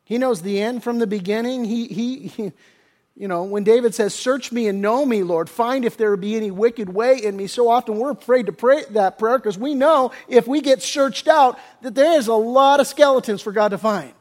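A man preaching a sermon as pastor, conversational and earnest, often restarting phrases, dropping soft for tender points and rising when reading scripture. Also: very high voice, normal speed.

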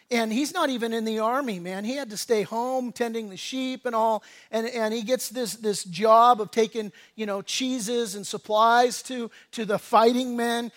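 A male pastor giving a sermon in a conversational, animated way, telling stories with quick asides and laughs, often restarting words. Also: sits high.

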